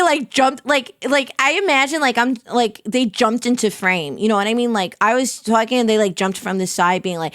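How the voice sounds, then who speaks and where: High, excitable woman streamer. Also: moderate pace, clean tone, no room sound, studio quality. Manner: excitable and rambling, heavy on filler words. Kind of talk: casual stream chat.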